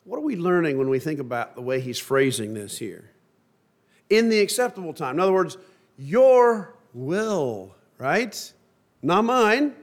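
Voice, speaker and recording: A middle-aged man preaching a sermon and reading scripture in a measured, emphatic way. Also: a little high, very animated. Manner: measured, emphatic delivery with slow stressed phrases.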